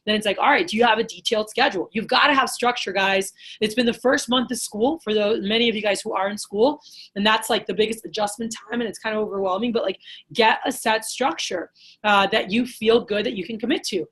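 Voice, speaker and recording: A woman sales trainer giving an energetic, casual motivational talk, full of rhetorical questions and fillers. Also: mid-range voice, a little fast, breathy edge.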